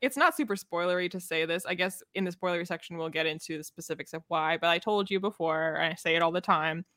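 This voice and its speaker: A woman's voice: fairly low pitch, fast talker, fairly bright tone, no room sound, clean studio sound. A young woman co-hosting a podcast, chatting casually about books, laughing often and filling her talk with "like". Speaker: podcast co-host. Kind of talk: casual book discussion chat.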